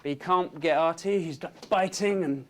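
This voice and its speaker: Man pitching a storyboard with sound effects. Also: moderate pace, slight background noise. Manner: lively, with sound effects and character voices. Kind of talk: storyboard pitch, acting out scenes.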